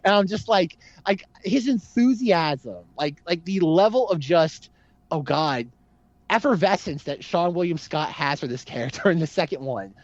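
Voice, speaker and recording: Animated man on a film podcast, muffled audio. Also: on the high side, normal speed, dry recording. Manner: rambling, heavy use of "like", lively impressions. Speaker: podcast co-host. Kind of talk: casual film discussion.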